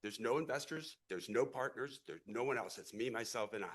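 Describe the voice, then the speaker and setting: A middle-aged real estate investor who grew up around St. Louis gives an impassioned, rambling speech at a city council meeting. His medium-pitched voice is expressive, brisk, and fairly bright, and he speaks earnestly while repeating and restarting words.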